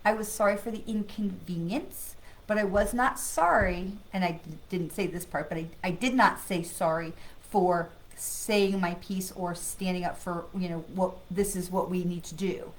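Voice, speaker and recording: A middle-aged woman hosting a live stream as a psychic medium, talking to viewers in an earnest, animated way that often restarts and corrects itself. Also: fairly low pitch, moderate pace. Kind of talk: casual live-stream talk.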